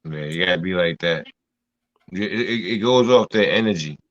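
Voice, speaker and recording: A man's voice: deep voice, moderate pace. A man co-hosting a podcast in casual chat, mostly chiming in with short agreeing remarks. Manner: brief agreeing interjections. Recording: dull lo-fi sound.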